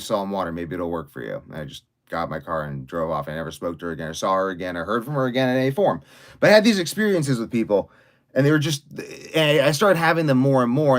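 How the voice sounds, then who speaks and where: A young man talking in a fast, rambling live-stream monologue, full of fillers and restarts. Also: fairly low pitch. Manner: fast, run-on talk with many fillers and restarts. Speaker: vlogger livestreaming while writing.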